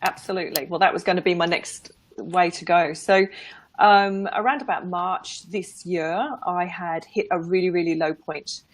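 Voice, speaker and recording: A woman's voice: fairly low pitch, fairly even intonation, normal speed, no echo. A middle-aged woman with an English accent, chatting casually as a guest about her work as a mindset coach, with a lot of ums and easy laughs. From England. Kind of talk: casual chat on a live stream.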